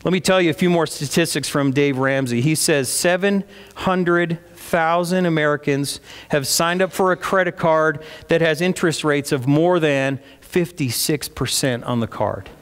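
Pastor guy preaching, chatty, asks the crowd stuff, fairly high voice, long church echo. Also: normal speed. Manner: conversational, asks the congregation questions. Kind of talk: sermon. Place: church sanctuary. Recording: long reverb of a church hall.

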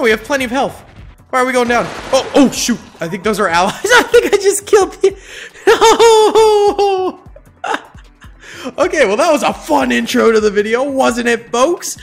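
Young man, gameplay commentary, high lively voice, gravelly edge, goofy and hyped. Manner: goofy, hyped, yelps and laughs often. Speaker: gaming channel host.

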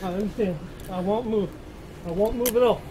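A man's voice: sits high, fairly quick. A man under arrest answering anxiously and submissively, picked up by an officer's body camera. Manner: anxious, repeating "yes, sir" submissively. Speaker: arrested suspect. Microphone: captured by an officer's body camera. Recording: noisy body camera audio.

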